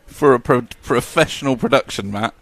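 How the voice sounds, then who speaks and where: A man's voice: medium pitch, normal speed, a bit bright, no room sound. A man commentating a live model car race, chatty and jokey, reading out lap times.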